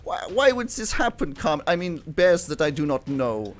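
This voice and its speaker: A man voicing a fussy, scheming male koala con man who stammers in a high, flustered voice. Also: big pitch swings, moderate pace.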